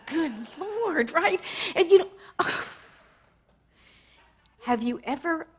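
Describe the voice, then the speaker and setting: A middle-aged woman from New York, a minister, giving a conversational, lively sermon and often asking the audience "right?". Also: sits high.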